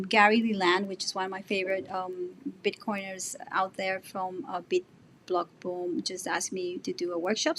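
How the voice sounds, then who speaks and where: A woman's voice: medium pitch, fairly bright tone, a little hiss or hum. Effusive woman guest artist. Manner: effusive, talks in quick bursts with restarts. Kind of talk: casual interview chat.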